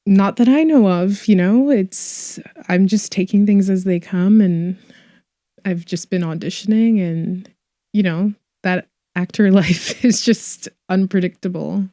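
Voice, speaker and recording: A woman actress chatting casually in an interview, full of fillers and quick laughs. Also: medium pitch, mellow, no room sound, clean studio sound.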